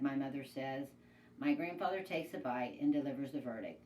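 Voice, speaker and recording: A woman, a teacher, reading a children's novel aloud in a plain, steady storytelling way. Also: extremely low pitch, moderate pace, far from the mic. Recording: echoey room, away from mic, faint noise.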